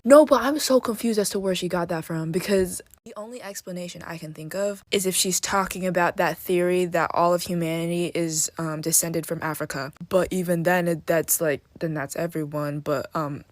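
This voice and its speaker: A woman's voice: fairly low pitch, no room sound. A woman reacting in disbelief to a clip, incredulous and apologetic in a casual way. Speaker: social media commenter.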